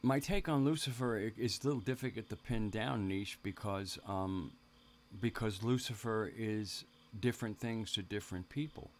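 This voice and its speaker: A man with a very low voice hosts a casual live stream. He rambles, restarts sentences and breaks off to talk to his viewers in the chat. Faint noise and crickets sit behind his voice. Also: moderate pace.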